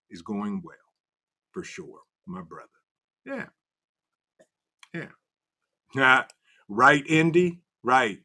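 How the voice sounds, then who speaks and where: A man's voice: medium pitch, sharp tone. A man hosting a casual livestream, greeting viewers from the chat by name in a loose, way. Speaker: livestream host.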